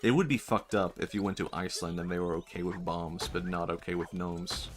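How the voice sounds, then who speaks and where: A man with a low, steady voice talks briskly while streaming a video game, with a little hiss or hum on the recording. His casual commentary rambles and jokes, he laughs often, and he tends to abandon his own bits.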